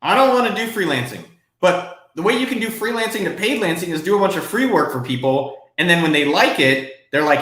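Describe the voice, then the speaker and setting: A man hosts a live question-and-answer stream from his home desk. He talks in a loose, excitable way and swears now and then. His voice sits fairly high, and the room adds a noticeable echo. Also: a little fast. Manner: casual, excitable, profane. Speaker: host.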